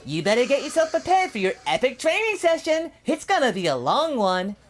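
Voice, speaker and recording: A man's voice: sing-song, a little fast. A man doing a chirpy, teasing scientist wife. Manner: chirpy and teasing, high-pitched. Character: brash, cheerful scientist wife, woman.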